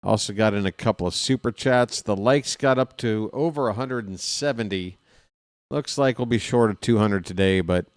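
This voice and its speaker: A man's voice: mid-range voice, smooth, no room sound. A man hosting a baseball live stream, chatting casually and rambling with joking asides to his viewers. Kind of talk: casual post-game stream chat.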